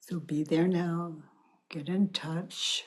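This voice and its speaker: An older woman facilitating a self-inquiry session, calm and deliberate, often dropping to a whisper. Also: on the low side, slightly rough. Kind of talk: slow guided inquiry dialogue.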